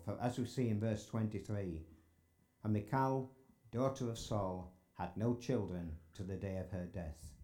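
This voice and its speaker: A man's voice: lowish voice, dark tone. A man preaching a sermon in a church sanctuary, earnest and building to emphatic exclamations.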